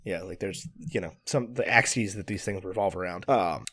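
A man's voice: sits low, moderate pace, fairly bright tone, breathy edge. A man co-hosting a casual podcast chat about a movie, rambling with lots of fillers and restarts. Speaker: podcast co-host.

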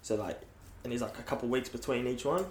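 A man's voice: medium pitch, quick pace, a little mellow. A young man in his late teens with a New Zealand accent, chatting casually as a guest and telling stories with lots of filler words. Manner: laid-back, heavy filler words. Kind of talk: casual chat. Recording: echoey room with faint hiss.

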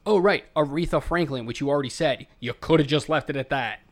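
A man co-hosting a casual movie podcast, recapping scenes and quoting the characters in quick bursts. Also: fairly high pitch. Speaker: podcast co-host.

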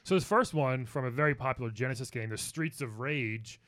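A man's voice: medium pitch, brisk, a bit bright, no room sound, studio quality. A man hosting a casual comedic chat, playful and tripping over his restarts. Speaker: host.

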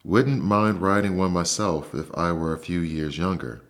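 A man with a deep voice playing a tactless, blunt uncle mouse in a bedtime storybook reading. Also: normal speed, fairly bright tone.

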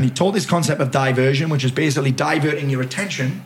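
A middle-aged Geordie man from North East England, his voice slightly high and quick, tells a story as a podcast guest. He's jokey and self-mocking, swears plenty, and keeps the storytelling animated.

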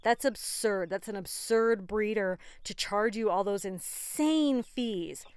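A woman's voice: mid-range voice, slow, clean tone, no room sound. A woman hosting a podcast in a casual, rambling, chatty way, with frequent fillers and laughs. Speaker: podcast host. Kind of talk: casual chat.

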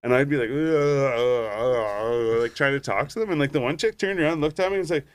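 A man's voice: on the high side, lively intonation, racing. A man in casual chat, telling a long rambling story with heavy swearing and constant filler words, acting out his own thoughts in quoted asides.

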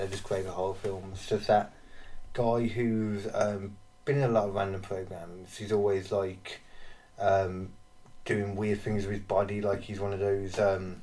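A man co-hosting a casual podcast, rambling with pauses and restarts. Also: fairly low pitch, warm tone, recorded from a distance. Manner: rambling, many fillers and restarts. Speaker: podcast co-host. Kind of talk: casual chat.

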